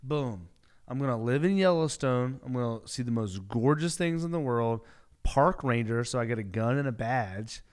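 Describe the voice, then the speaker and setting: A man's voice: mid-range voice, animated, normal speed, darkish tone. A young man hosting his podcast, chatting casually and rambling with lots of filler words and self-corrections. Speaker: podcast host. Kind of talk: casual solo podcast chat.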